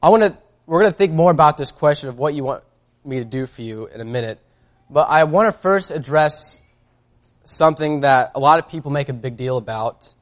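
A man preaching a sermon in a casual, conversational way, reading scripture aloud and often pausing on fillers. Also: a little high, lively intonation.

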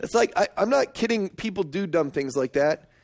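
Middle-aged guy preaching, high voice, tells stories and gets worked up. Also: normal speed. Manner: storytelling, emphatic, rising to high excited pitch. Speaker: pastor. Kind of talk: sermon.

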